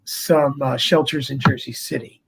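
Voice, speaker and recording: A man who is a priest, talking in a casual interview and telling stories in a chatty, animated way. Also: mid-range voice, moderate pace, gravelly, noisy background. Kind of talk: conversational interview.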